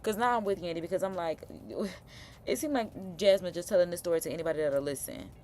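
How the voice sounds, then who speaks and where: A woman with a lowish voice chats casually as she reacts on a livestream. She talks in an expressive, slang-heavy way, and faint room sound sits behind her. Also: fairly quick, slight background noise. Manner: chatty and expressive, slang-heavy, frequent laughs.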